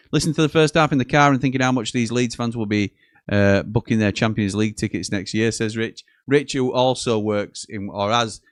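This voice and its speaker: A man hosts a live football watchalong, relaxed and joking, reading viewers' chat messages aloud and chuckling often. His voice is smooth and a little low, and the sound is dry and close with no room echo.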